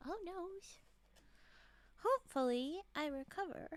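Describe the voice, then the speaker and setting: A woman reading holiday stories on a live stream, slightly hoarse from a frog in her throat, often breaking off to chat and giggle with viewers. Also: very high-pitched, expressive, takes it slowly, no room sound.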